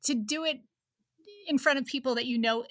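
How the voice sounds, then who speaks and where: A woman's voice: high voice, a little fast, fairly bright tone, no room sound, clean studio sound. A woman in her fifties, a reporter chatting as an interview guest, laughing often and restarting her sentences. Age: 50s. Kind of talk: casual interview chat.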